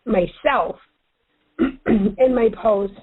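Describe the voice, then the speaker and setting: A woman's voice: fairly high pitch, extremely slow, slightly rough. A woman asking a question on a team call, hesitant and thinking aloud. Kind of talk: casual call chat. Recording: phone-line call audio.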